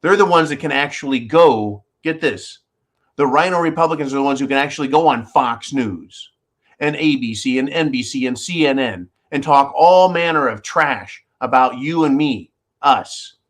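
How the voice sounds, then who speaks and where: A man in the middle of an angry rant on his own live show, swearing and hammering the same phrases again and again. His voice sits in an ordinary middle pitch, and he keeps calling out to his audience as folks. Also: normal speed, fairly bright tone. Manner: fired-up, profane, repeats phrases, addresses "folks". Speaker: host of a live call-in show. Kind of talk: heated political rant.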